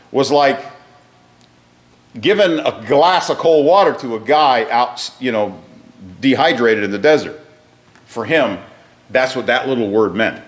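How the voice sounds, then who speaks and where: A man teaching a Bible class, explaining a passage step by step and putting questions to his listeners. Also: medium pitch.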